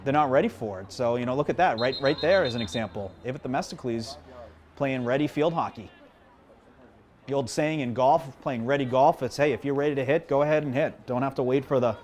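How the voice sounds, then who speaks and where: A man doing live play-by-play commentary at a high school field hockey game, chatty and self-deprecating, joking with the viewers between plays. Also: a little fast, a little mellow. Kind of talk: live local sports commentary. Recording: crowd noise behind.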